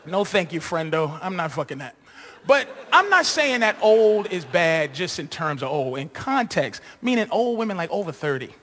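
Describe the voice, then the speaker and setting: High, lively-voiced crude stand-up man. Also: normal speed, slight background noise. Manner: crude, rambling, shouting punchlines and acting out voices. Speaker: stand-up comedian. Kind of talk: stand-up comedy set. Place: live comedy stage.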